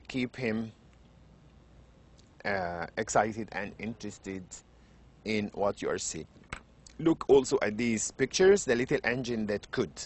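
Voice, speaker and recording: A middle-aged man with an Arabic accent gives a university lecture in English. His voice is husky and sits at an ordinary pitch. He keeps it lively, throwing out rhetorical questions and swinging between raised and lowered volume. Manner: animated, varies tone and loudness for emphasis, asks rhetorical questions.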